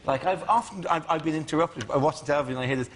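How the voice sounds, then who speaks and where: Guy stumbling through a funny story on a panel show, kinda high voice, loud noise. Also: very fast. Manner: hesitant, stammering restarts. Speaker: comedy panelist. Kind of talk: rambling comic anecdote. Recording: TV studio with loud audience noise.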